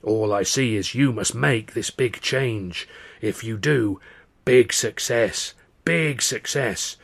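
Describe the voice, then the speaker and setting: A man putting on a rasping ancient fortune-teller woman. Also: lowish voice, heavily acted. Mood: wailing. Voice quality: harsh, rasping. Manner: broken, halting speech, slow wailing pronouncements. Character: ancient female fortune-teller, harsh and ominous.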